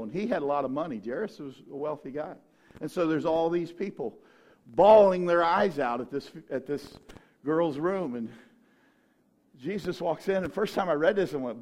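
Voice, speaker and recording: A male pastor preaching a sermon, telling the story in an animated way that swings from quiet to shouting. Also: fairly high pitch, moderate pace.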